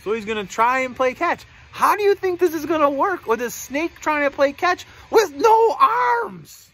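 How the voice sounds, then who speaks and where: A man reading a picture book aloud to children, animated and pausing to ask them questions. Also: very high-pitched. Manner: animated, asks the listeners questions. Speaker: read-aloud storyteller for children.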